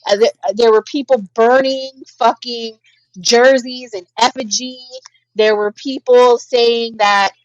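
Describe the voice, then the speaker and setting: A fairly high-pitched woman co-hosts a casual pop culture podcast. She tells the story in an animated way, swearing freely. Her voice sounds close and dry. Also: unhurried, no room sound, dull audio. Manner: animated, profane storytelling with frequent laughs. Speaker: podcast co-host.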